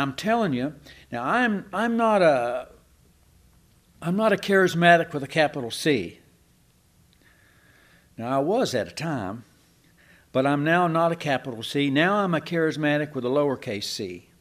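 A man's voice: a little high, animated, moderate pace, long pauses, fairly bright tone. An older man preaching a sermon, telling church history as stories with asides and restarts.

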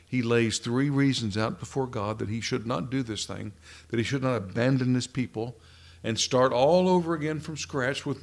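A man preaching a sermon, earnest and pleading, often repeating words as he builds a point. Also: mid-range voice.

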